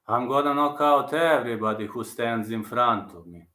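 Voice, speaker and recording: A man doing an impression of a calm male fighter, speaking slowly in a measured, deadpan way. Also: mid-range voice, natural voice. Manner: slow, measured, deadpan delivery. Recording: roomy echo.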